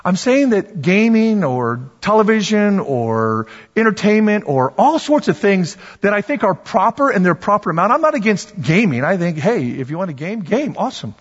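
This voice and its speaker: Male pastor, high voice, lively chatty sermon delivery, muffled recording in a reverberant hall. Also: normal speed, few pauses, slightly rough. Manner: animated, conversational preaching with repetitions and asides to the congregation. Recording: dull sound with long hall reverb.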